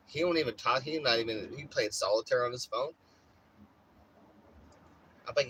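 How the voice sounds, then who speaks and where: A man chatting casually in a vlog from inside his RV, rambling and swearing, getting animated when he acts out stories. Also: mid-range voice, a little fast, pauses often, slight background noise, low-quality recording. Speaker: vlogger. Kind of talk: casual chat.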